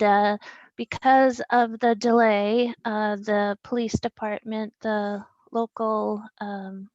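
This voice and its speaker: A woman in a tabletop game, speaking haltingly with many fillers. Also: mid-range voice, no room sound. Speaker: player. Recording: dull dry lo-fi audio.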